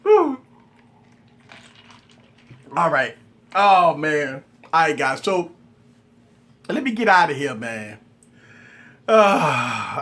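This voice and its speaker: Man, high bright voice, laughs a lot, casual live stream host. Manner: giggly, laughs often while talking; loose, playful and excitable. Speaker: tech channel host.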